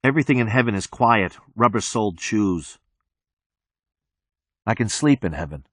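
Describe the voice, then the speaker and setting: A male audiobook narrator with a low voice reads first-person narration expressively at a normal speed. The recording is dry and clean, made in a studio.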